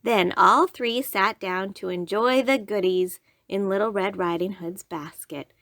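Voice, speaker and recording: A woman reading a children's storybook aloud in a slow, lilting, expressive way. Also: mid-range voice, no echo, clean studio sound.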